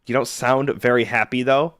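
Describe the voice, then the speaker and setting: A man's voice: medium pitch, little pitch movement, moderate pace, fairly bright tone, clear, resonant tone, no room sound, studio quality, soft background music. A man streaming live, chatting casually with viewers in a sarcastic, argumentative way.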